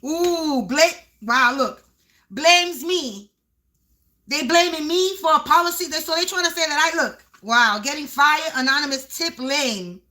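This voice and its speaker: A woman gives a spiritual reading to the camera. Her voice sits high and sounds bright and forward. She talks in emphatic, repeating bursts and sometimes yells. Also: unhurried. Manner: emphatic, repetitive, breaks into yelling. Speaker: spiritual reader. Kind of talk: live tarot-style energy reading.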